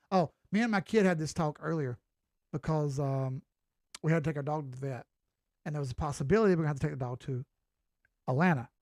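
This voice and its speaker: A middle-aged man with a Southern US accent offers loose, folksy commentary on crypto charts, chatting away and swearing mildly. His voice is a little high with a darkish tone, and he talks briskly but pauses often, recorded with no echo.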